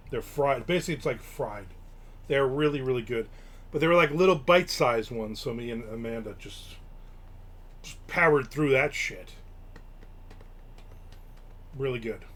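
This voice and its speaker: A man's voice: medium pitch, fairly bright tone. A man from Newark, hosting a live stream and telling rambling, casual stories with offhand swearing. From Newark, New Jersey. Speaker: show host.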